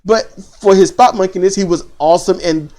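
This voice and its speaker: A man hosting a casual wrestling commentary, animated and opinionated, repeating phrases for emphasis. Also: high voice, a little fast. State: choked up.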